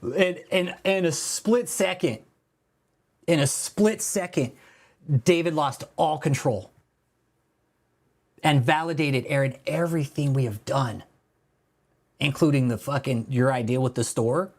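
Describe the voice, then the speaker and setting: A man's voice: on the high side, a little slow, long pauses. A man hosting a casual livestream, talking in a profane, mocking way, laughing and calling people bro. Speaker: livestream host.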